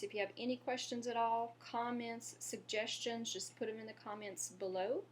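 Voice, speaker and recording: A woman giving an online French lesson, patiently modeling words and pausing for the listener to repeat them. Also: mid-range voice, slight background noise. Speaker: French teacher.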